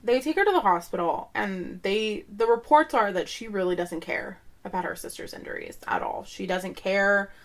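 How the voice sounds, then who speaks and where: A woman's voice: mid-range voice, animated, moderate pace, hardly any pauses. A woman co-hosting a true-crime podcast, telling the case in a blunt, joking chat and swearing freely. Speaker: podcast co-host.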